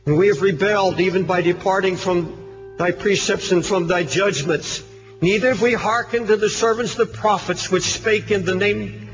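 A high-pitched man preaching with fervor, hammering rhetorical questions and dropping to near-hushed tones between outbursts. The sound is dull and lo-fi, like an old archive sermon tape, with faint music beneath. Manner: impassioned, rhetorical questions, swings from loud to hushed.

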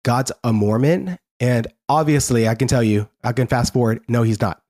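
A man telling his life story as a guest in an interview, earnest and halting, often restarting his sentences. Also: medium pitch, steady tone, darkish tone.

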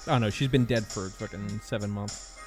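A man's voice: fairly low pitch, normal speed, faint music behind. A man co-hosting a casual comedy podcast, firing off blunt, profane quips. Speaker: podcast co-host.

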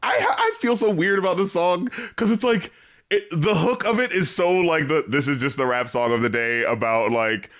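A man co-hosting a rap album review podcast, talking casually, laughing often and halting with fillers. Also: a little high, fairly bright tone. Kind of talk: casual chat.

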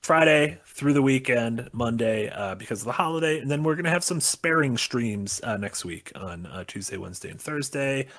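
A man co-hosting a stream in casual chat, talking in a chatty way that speeds up when he gets excited. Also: medium pitch, normal speed, hardly any pauses, no room sound. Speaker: stream co-host.

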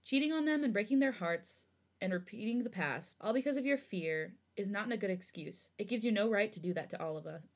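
A woman's voice: medium pitch, expressive, a little fast. A woman reading aloud as a young man who angrily accuses his ex of cheating, bitter and hurt. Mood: firm.

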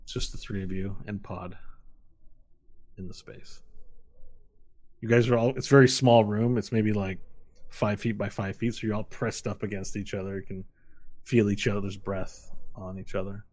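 A man's voice: fairly low pitch, fairly even intonation, normal speed, pauses often, darkish tone. A man narrating as game master, describing scenes loosely with frequent filler phrases.

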